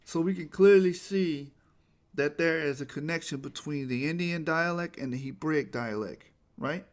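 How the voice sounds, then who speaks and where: A man presenting a lecture over slides, reading quotes aloud and restarting words as he goes, his delivery rising to forceful emphatic peaks. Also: a little high, normal speed.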